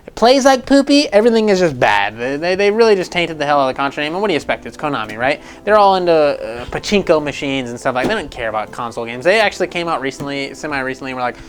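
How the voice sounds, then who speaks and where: A man hosting a casual gaming news show, talking in a profane, animated, rambling way with frequent laughs. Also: on the high side, very fast, hardly any pauses.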